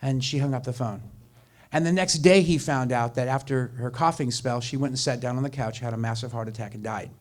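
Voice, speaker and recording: A middle-aged man working as an executive coach, telling a story to an audience in a conversational way and growing softer in emotional moments. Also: medium pitch, a little fast.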